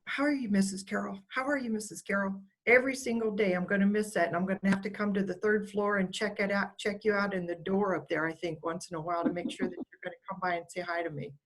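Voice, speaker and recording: A woman speaks over a video call, telling fond little stories about a student and quoting her. Her voice sits at an ordinary middle pitch. She tells the stories the way one does in a heartfelt speech. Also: steady tone, fast, hardly any pauses, poor audio. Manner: warm storytelling, quotes the student fondly. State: getting emotional. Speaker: school staff member giving an award speech.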